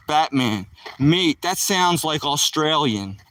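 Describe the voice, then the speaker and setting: A man's voice: on the high side, slow, a bit bright, dry recording, recorded from a distance, poor audio. A man live streaming while he walks his dog on a rural dirt road, chatting loosely with the viewers in his chat.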